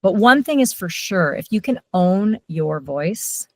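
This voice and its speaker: A woman's voice: medium pitch, no echo. A middle-aged woman, a voiceover coach, telling stories animatedly in a casual interview. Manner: animated storyteller, quick shifts in loudness.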